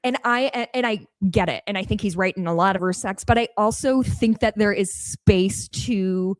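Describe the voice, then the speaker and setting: A woman hosting a podcast interview, blunt and outspoken, calling herself a yeller. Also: medium pitch, moderate pace, no echo. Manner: blunt, self-described yeller, casual swearing. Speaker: podcast host. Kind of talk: conversational interview.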